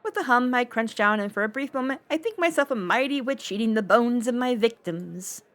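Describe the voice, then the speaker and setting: A woman streamer reading a visual novel aloud in first person, with expressive, playful narration. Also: a little high, brisk.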